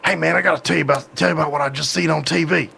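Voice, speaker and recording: Man playing an excitable Southern country boy, thick drawl, comic bit. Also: fairly high pitch, rapid-fire, gravelly, breathy edge, full character voice. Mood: eager.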